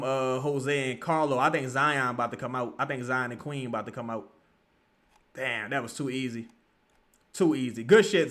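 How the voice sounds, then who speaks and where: A man giving profane, excitable live commentary while he watches a basketball game, often shouting at plays. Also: medium pitch. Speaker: live-reaction streamer.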